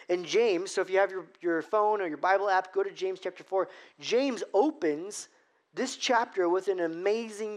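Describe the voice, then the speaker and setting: A man who is a pastor, preaching a sermon with storytelling and emphatic, slowed phrasing. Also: sits high. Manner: storytelling with acted-out irritation, emphatic slow phrasing.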